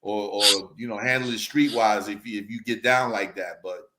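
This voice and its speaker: A man's voice: fairly low pitch, fairly even intonation, normal speed, pushed and bright, a little hiss or hum, low-quality recording. A man talking casually in a laid-back, resigned way. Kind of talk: casual discussion.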